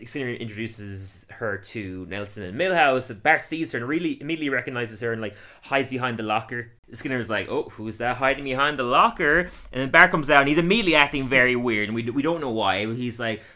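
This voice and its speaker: A man casually recapping a cartoon episode, telling it with energy and laughing often as he slips into quick silly voices. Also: medium pitch, lively intonation, pushed and bright. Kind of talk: casual chat.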